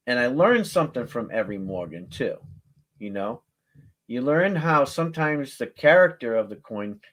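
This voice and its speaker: A man hosting a casual live coin auction, joking and laughing as he praises a coin and calls out bids. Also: medium pitch. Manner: folksy, joking, laughs often; slow, drawn-out calls with animated countdowns.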